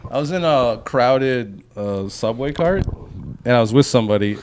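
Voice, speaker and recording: A man's voice: mid-range voice, expressive, normal speed, darkish tone, a little hiss or hum. A man in his thirties co-hosting a podcast, telling rambling stories in casual banter, slipping into put-on voices and laughing along. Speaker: podcast co-host.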